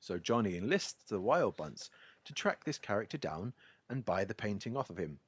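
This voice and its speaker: A man's voice: on the low side, big pitch swings, normal speed, slightly rough, no echo. A man hosting a podcast, wryly recapping a film plot in a casual, storytelling way. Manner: wry, storytelling. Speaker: podcast host.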